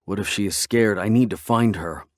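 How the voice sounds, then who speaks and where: A man's voice: lowish voice, normal speed, no room sound, studio quality. A man narrating a romance audiobook in first person, tense and gritty.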